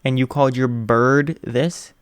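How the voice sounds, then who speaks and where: A man voicing a loud, brash male radio host who exclaims and jokes wryly. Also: medium pitch, steady tone, unhurried, clear, resonant tone, dry recording, natural voice.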